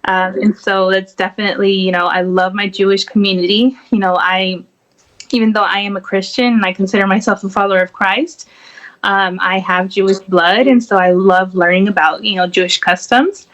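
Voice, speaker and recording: A woman's voice: mid-range voice, fairly even intonation, normal speed, a bit bright. A woman speaking as a podcast guest in casual chat, packing her talk with fillers like "you know" and "definitely" and laughing often. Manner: laughs often while talking.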